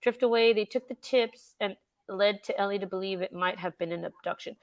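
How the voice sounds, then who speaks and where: A woman's voice: mid-range voice, a little fast. A woman hosting a casual true-crime livestream, chatting with a guest, reading out chat and swearing freely. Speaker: livestream host.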